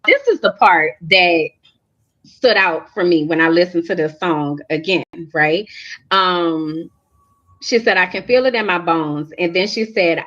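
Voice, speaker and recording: A woman's voice: lowish voice, expressive, measured pace, fairly bright tone. A woman from New Orleans sharing a heartfelt faith talk with her listeners in an earnest, confiding way. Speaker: host of a faith livestream. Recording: lo-fi replayed livestream audio.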